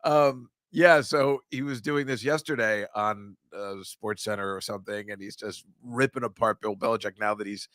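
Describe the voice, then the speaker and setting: Guy hosting a podcast, bright voice, rambles and laughs a lot, dry sound. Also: lowish voice, normal speed, hardly any pauses, no room sound. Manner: rambling, laughing, animated storytelling. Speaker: podcast host. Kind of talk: casual chat.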